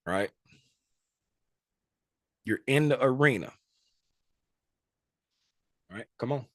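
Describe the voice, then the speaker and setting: A man's voice: lowish voice, expressive, slow, pauses often, no room sound. A man teaching a live class, quizzing students and repeating key points with frequent tag questions. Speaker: trading instructor.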